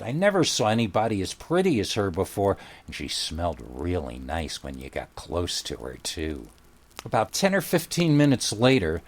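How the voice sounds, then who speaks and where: A man with a somewhat low voice narrates a scripted scary story in the first person. His delivery is wry and conversational, easing into the suspense as if telling it to a friend.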